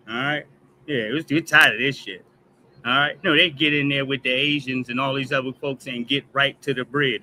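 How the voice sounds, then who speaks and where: A man's voice: medium pitch, pushed and bright, a little hiss or hum, rough recording. Heated man ranting on a stream. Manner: emphatic, repetitive "all right?" tags, heated and profane. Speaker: host of a news commentary stream. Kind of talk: casual commentary rant.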